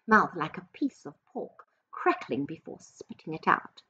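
A woman reads a storybook aloud at an unhurried pace, her low voice rising and falling dramatically. Her tone is a little husky. The recording sounds dull and lo-fi. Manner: expressive, slow, dramatic reading. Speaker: teacher reading to a class.

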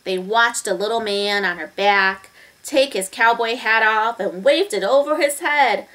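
Reading a children's story to young listeners, this woman treats them like friends. Her voice sits on the high side, and her delivery is unhurried, warm and full of expression.

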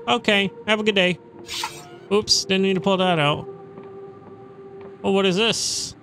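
Laid-back man, high bright voice. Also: steady tone, measured pace, pauses often, faint music behind. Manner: laid-back, jokey, swears casually. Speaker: let's play host. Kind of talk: casual gameplay commentary.

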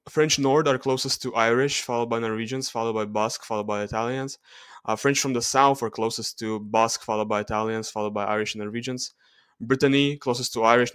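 A man's voice: medium pitch, fairly bright tone, clear, resonant tone, no echo. A man with a Russian accent, explaining charts in a hesitant voice-over with frequent fillers and self-corrections. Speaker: genetics video creator.

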